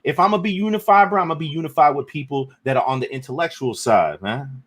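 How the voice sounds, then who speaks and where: A man hosting a live stream, ranting loudly and profanely in casual talk, with sudden shouts. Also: a little high, fast. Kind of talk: heated casual rant.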